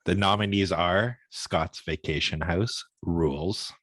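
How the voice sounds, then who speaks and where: A very low, husky man's voice from Canada, talking casually with a lot of profanity and easy laughter. The sound is close and dry, with faint music under it. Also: slow pace, fairly bright tone, dry recording. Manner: profane, joking, laughs often. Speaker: podcast co-host. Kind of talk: casual chat.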